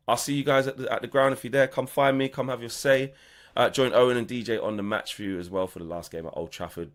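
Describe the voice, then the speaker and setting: Low-voiced rambling male fan presenter. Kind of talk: casual pre-match video chat.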